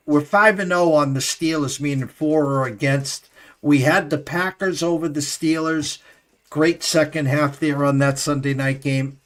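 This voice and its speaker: A man hosting a sports betting show, talking in a halting way with many fillers and stammered restarts. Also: fairly high pitch, a bit bright. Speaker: host. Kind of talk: casual sports betting talk.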